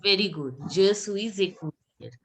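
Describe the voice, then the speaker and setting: Slow, patient woman teaching pronunciation. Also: mid-range voice, animated, fairly bright tone. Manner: patient, repeats words slowly for students. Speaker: French teacher. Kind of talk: online class, pronunciation drills.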